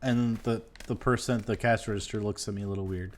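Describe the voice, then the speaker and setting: A man's voice: fairly low pitch, fairly even intonation, quick pace. A man from Minnesota chatting on a stream, joking and playful. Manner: joking, playful, slips into silly voices. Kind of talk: casual chat.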